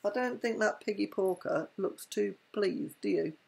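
A woman's voice: mid-range voice, a little slow, vocal fry, darkish tone, slightly rough. A woman reading a bedtime picture book to her children, adding playful, chuckling asides.

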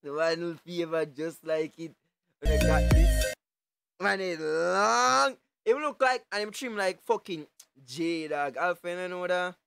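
A young man, streaming live and reacting to photos with loud, joking patois banter and sudden shouts. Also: high voice, animated, a little slow, creaky, faint music behind.

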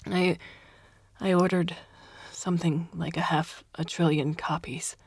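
A woman's voice: on the low side, level tone, measured pace, vocal fry, husky, no room sound, studio quality, heavily acted. A woman voicing a terrified male prisoner who stammers and sobs through his answers. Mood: terrified stammering. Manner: stammering, hysterical. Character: male war criminal prisoner, terrified, sobbing.

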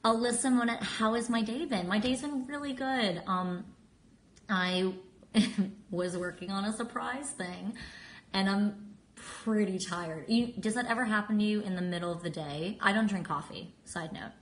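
A woman's voice: mid-range voice, unhurried. A woman in her twenties chatting casually on a phone live stream, bubbly and giggly, reading out fan usernames and answering their questions. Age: 20s. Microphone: phone at arm's length.

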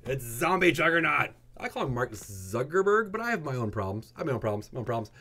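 Animated, joking gaming host. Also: male voice, quick pace. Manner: playful, jokey, swings into high excited squeals. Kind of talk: casual game news commentary.

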